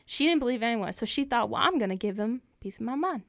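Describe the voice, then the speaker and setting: A woman's voice: a little high, animated, fast talker, no echo, clean studio sound. A woman playing a folksy heartbroken cowboy. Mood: indignant folksy. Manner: folksy, repeats phrases for emphasis. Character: heartbroken male lone cowboy rancher, proud. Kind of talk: improvised comic storytelling.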